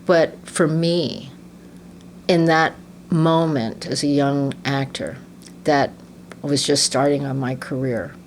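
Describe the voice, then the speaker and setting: A woman's voice: deep voice, slow, a little hiss or hum. A woman in her sixties from the United States, an actress giving an interview and telling stories animatedly, laughing often and acting out what people said. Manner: animated storyteller, laughs often, acts out quotes. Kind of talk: casual interview conversation.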